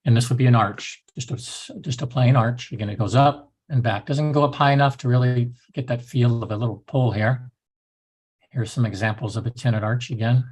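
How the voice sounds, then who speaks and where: A man's voice: medium pitch, fairly even intonation, a little fast, a little mellow, breathy edge. A man instructor giving a recorded lecture in a loose, rambling way with many restarts.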